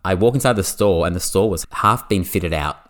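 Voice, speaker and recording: An Australian man hosting a podcast, telling a story in casual chat, animated and full of "like" fillers. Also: low-pitched. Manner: animated, fast anecdote with lots of "like" fillers. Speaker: podcast host.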